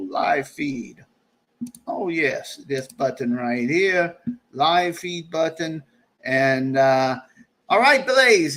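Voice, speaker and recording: A man chatting on a live stream from home, joking and chuckling through rambling asides. His voice is high and bright and swings widely. He takes his time. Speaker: livestream host. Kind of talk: casual live-stream chat. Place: home during a storm.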